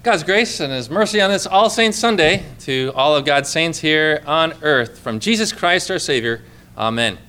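Male pastor, sermon delivery; high, smooth, resonant voice; earnest, conversational. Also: expressive, moderate pace, pushed and bright, faint music behind. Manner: earnest, conversational preaching with rhetorical questions.

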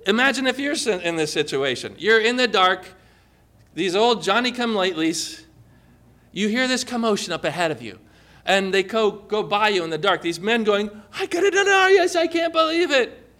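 A male preacher with a high, bright voice delivers his sermon with animated emphasis. He asks the listeners questions and leans hard into the key words. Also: normal speed.

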